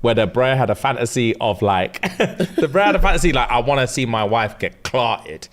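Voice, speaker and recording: A man, co-hosting a podcast and telling a story in casual chat, slangy and acting out everyone's lines. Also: moderate pace. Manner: animated, slangy, acts out quotes with big pitch jumps. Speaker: podcast co-host.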